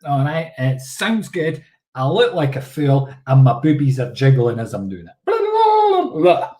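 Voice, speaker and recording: A man's voice: medium pitch, normal speed, dark tone, reverberant. A man working as a psychic medium, giving chatty, playful live-stream readings and often checking in with "okay?".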